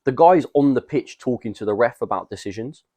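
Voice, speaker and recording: A young man co-hosting a podcast, telling a rambling, slangy, animated story in casual chat. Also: medium pitch, a little fast, dry recording. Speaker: podcast co-host.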